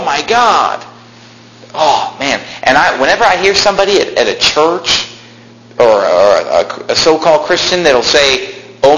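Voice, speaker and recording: A male pastor preaching a sermon in a church, emphatic, with animated asides. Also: on the high side. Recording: echoey room with faint noise.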